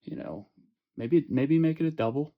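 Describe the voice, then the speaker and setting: A man's voice: a little high, animated, normal speed, phone-quality sound. A young man hosting a casual fantasy football chat, profane and joking, rambling with lots of fillers and restarts. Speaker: fantasy football podcast host.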